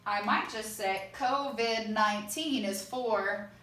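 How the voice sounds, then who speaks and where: A woman's voice: mid-range voice, takes it slowly, a bit bright, a little hiss or hum. A woman music teacher giving an online songwriting lesson, explaining step by step and singing short lines to check them. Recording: echoey room, a bit far from mic.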